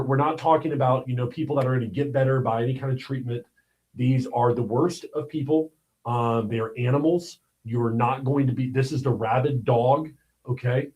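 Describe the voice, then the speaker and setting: A man's voice: mid-range voice, warm tone, rough recording. A man hosting a livestream, giving blunt, emphatic commentary on the news and often checking in with "all right?". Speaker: livestream host.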